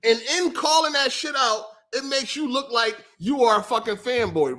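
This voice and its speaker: A man's voice: very high-pitched, normal speed. A man hosting a live gaming podcast, ranting heatedly and profanely while answering chat. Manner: profane, animated, talks back to chat. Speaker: podcast host. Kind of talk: heated live-stream rant.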